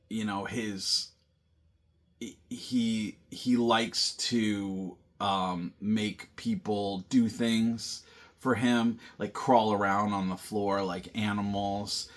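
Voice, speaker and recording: A man's voice: on the low side, fairly even intonation, drawn-out words. A man casually recapping and reviewing a film, rambling with lots of fillers and restarts. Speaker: movie review host.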